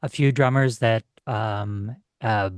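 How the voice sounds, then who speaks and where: A man hosting a radio interview show, reading his introduction in a lively announcer tone. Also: on the low side, slow, clear, resonant tone, dry recording, clean studio sound.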